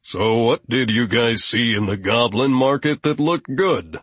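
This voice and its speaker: A man's voice: mid-range voice, measured pace, fairly bright tone, husky, no room sound. A man voicing a curious male goat in a storybook, chatty and casual.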